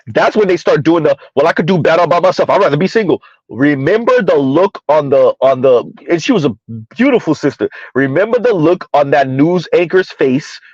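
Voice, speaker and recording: A man's voice: fairly high pitch, a little mellow, no room sound. A man giving rambling, opinionated commentary, throwing rhetorical questions at his listeners. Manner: rambling, rhetorical, keeps asking "huh?". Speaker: commentary vlogger. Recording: dull lo-fi dry sound.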